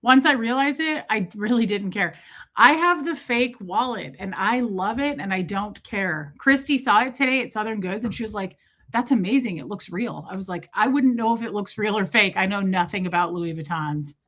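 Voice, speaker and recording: Woman host, casual livestream chat, fairly high voice, quick greetings to viewers, slightly breathless. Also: bright, forceful tone. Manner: chatty, greets viewers by name in quick bursts. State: warm and a bit breathless. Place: small room with door shut.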